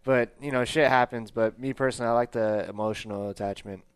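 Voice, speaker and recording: A man's voice: medium pitch, fairly even intonation, fast talker, clean tone, no echo. A man co-hosting a podcast, bantering and joking with profanity. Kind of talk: casual chat.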